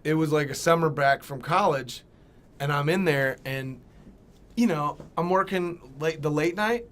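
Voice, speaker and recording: A young man telling a comedic story on a podcast, animated and profane, acting out voices. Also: on the high side, a little slow. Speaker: podcast guest.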